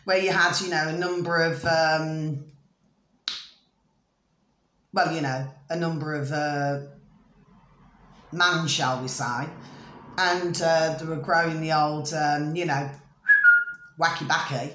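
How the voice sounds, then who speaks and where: A woman's voice: sits low, fairly even intonation, slow, long pauses, fairly bright tone, a little hiss or hum. British woman, middle-aged, rambling chatty vlog, checks in with the listener a lot, echoey room. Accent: British English. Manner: chatty, repeats "do you see what I mean?" and "ding ding". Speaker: vlogger. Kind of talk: rambling casual monologue to camera.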